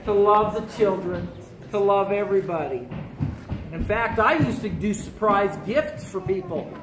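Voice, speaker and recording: A woman telling a story live in the first person and in character, animated and playful, voicing the other people in her tale. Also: medium pitch, measured pace, background noise. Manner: animated, playful, with voiced-out dialogue. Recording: echoey room with a live audience.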